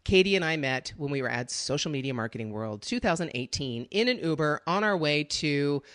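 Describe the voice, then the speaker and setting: A woman hosting a podcast in a bubbly, chatty way, her voice a little hoarse as it recovers. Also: deep voice, expressive, fairly quick, fairly bright tone, no echo, clean studio sound. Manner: bubbly, chatty, many fillers. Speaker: podcast host. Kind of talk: casual podcast chat.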